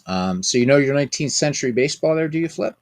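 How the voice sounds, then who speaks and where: A man's voice: mid-range voice, animated, fast, dry recording. A man hosting a stream of a baseball simulation game, chatting casually with viewers in a rambling way full of fillers and restarts.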